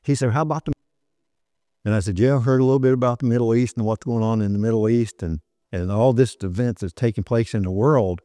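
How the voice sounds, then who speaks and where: An older man preaching a sermon, telling a story and rising to emphatic points, then slowing down to read scripture. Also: medium pitch, warm tone, no room sound, clean studio sound.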